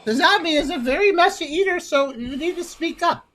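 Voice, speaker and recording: A woman's voice: very high-pitched, brisk, a bit bright, slight background noise, low-quality recording. A woman hosting a gaming video, giving casual, joking commentary while she plays. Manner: chatty, joking, wry. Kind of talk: casual let's-play commentary.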